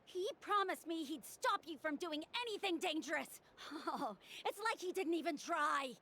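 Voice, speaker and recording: A woman's voice: extremely high pitch, normal speed, sharp tone, full character voice. An actress voicing a worried young woman doctor who lectures and scolds in a video game cutscene. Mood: stern. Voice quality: exasperated, lecturing. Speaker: doctor and logistics handler.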